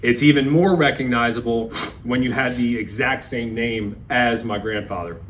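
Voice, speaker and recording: Man, 30s, from Maryland, memorial speech, storytelling, acting out quotes, medium pitch. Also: moderate pace, fairly bright tone, slight background noise, rough recording. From Maryland, USA. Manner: storytelling, acts out quoted dialogue. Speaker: grandson giving a eulogy. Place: memorial service.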